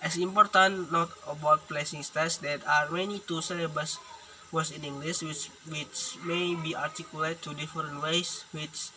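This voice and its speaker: A young man from Indonesia reads out a presentation in a careful, halting way, slowing down for example words. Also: on the high side, steady tone. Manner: careful, halting reading with restarts and slow demonstrated words. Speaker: student presenter. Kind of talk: read academic presentation. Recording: room with audible background noise.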